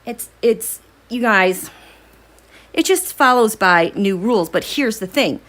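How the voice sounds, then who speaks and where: A middle-aged woman hosting a tarot and astrology livestream, chatty and excitable, a little out of breath, with stumbling restarts. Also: on the high side, takes it slowly. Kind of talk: casual livestream chat.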